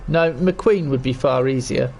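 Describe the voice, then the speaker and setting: Gravelly gamer chatting to chat. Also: male voice, mid-range voice, a little slow, a little mellow, faint music behind. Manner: chatty, chuckles often, talks to chat. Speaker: gaming streamer. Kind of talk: casual let's-play commentary.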